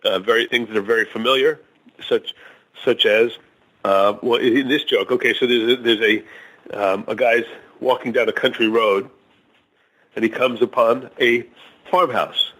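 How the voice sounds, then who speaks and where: Halting, thoughtful male guest. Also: mid-range voice, steady tone, sharp tone, low-quality recording. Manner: hesitant, many fillers and restarts, tells jokes slowly. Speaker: guest author. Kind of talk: casual interview talk.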